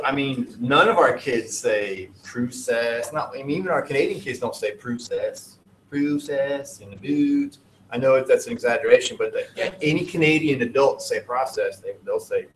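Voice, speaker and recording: A man's voice: mid-range voice, reverberant, slight background noise, low-quality recording. A man teaching a class in a casual, digressive, joking way. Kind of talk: classroom lesson.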